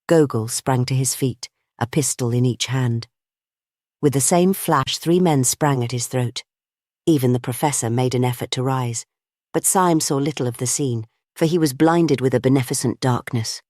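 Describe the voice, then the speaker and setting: A man narrating an audiobook of a classic novel in a measured, expressive reading. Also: medium pitch, no echo, clean studio sound. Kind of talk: scripted narration.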